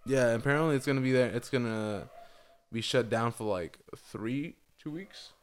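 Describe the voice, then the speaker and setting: A man's voice: medium pitch, moderate pace, a little hiss or hum. A young man with a groggy morning voice, chatting casually as a podcast co-host and rambling with lots of fillers, restarts and swearing. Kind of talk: casual chat.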